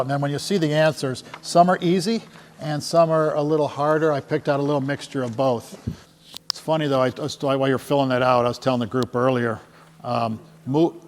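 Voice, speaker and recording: A middle-aged man, a tour company presenter, gives a casual, jokey talk to a small live audience and keeps asking the crowd "right?". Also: fairly high pitch. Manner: jokey and chatty, often asks the crowd "right?". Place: meeting room with a small audience. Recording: long hall reverb with faint hum.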